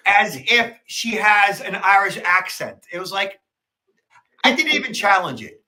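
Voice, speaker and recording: A man co-hosting a podcast, telling a story in casual conversation, animated and emphatic. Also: high-pitched, moderate pace. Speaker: podcast co-host, security expert.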